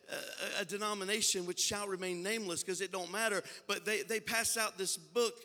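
A man's voice: sits high, fairly even intonation, fairly quick, hardly any pauses. A man, a senior pastor, preaching a Pentecostal sermon with impassioned fervor and a folksy, storytelling way of talking. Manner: impassioned preaching that swells into loud, fervent passages; folksy, conversational storytelling between climaxes. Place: church sanctuary. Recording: long hall reverb from a large sanctuary.

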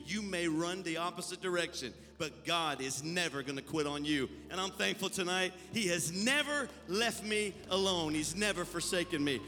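A man's voice: high-pitched, sharp tone. A male pastor leading worship and preaching a fervent sermon, exhorting the congregation in a church sanctuary. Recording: long church-hall reverb, faint music behind.

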